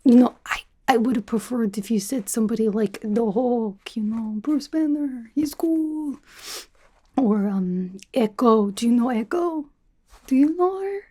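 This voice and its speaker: Girl doing a cocky spy lady, whispered role-play, softish and a bit high, rambling and teasing. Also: expressive, unhurried. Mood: playful teasing. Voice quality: soft, half-whispered, rambling. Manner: teasing, chatty, self-absorbed, drops articles. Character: brash, teasing female spy interviewing a recruit. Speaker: ASMR creator.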